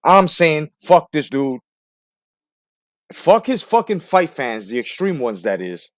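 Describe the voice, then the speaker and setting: A man's voice: fairly high pitch, very animated, slow pace, no echo, clean studio sound. A man hosting a late-night boxing talk show, ranting heatedly and profanely and firing off rhetorical questions. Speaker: host.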